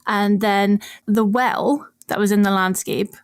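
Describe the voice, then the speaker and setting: A woman's voice: mid-range voice, fairly even intonation, measured pace, vocal fry, clean tone, no room sound, studio quality. A woman co-hosting a podcast, explaining archaeology in casual chat and laughing often.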